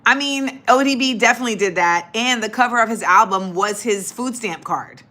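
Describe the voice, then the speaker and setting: A woman's voice: a little high, moderate pace, sharp tone. A woman hosting a casual livestream, chatting playfully with viewers, reading their comments and laughing as she goes. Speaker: livestream host.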